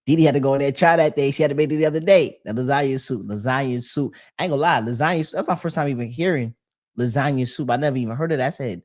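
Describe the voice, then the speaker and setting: Here a podcast host goes through the live chat casually, using slang, fillers, and lots of false starts. He speaks fairly quickly at a medium pitch, and his voice is a bit mellow.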